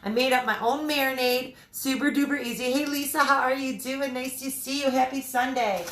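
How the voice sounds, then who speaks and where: A woman's voice: high voice, fairly even intonation, normal speed, fairly bright tone, a little hiss or hum. Chatty woman from Michigan, echoey kitchen. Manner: chatty, greets viewers by name between recipe steps. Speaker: livestream cooking host. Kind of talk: casual live cooking chat. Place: home kitchen.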